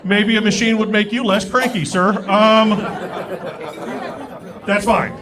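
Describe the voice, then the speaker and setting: High-voiced stand-up comic, crowd laughing. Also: male voice, slow. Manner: animated, self-mocking delivery. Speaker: stand-up comedian. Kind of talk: stand-up set. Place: comedy club stage. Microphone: stage mic. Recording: live club recording with crowd. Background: audience laughter.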